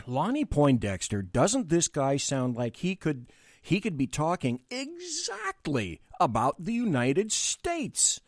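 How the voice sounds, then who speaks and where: A man's voice: fairly high pitch, wildly swooping pitch, slow, no echo, studio quality. A man hosting a live political talk show, blunt and rambling, with frequent restarts.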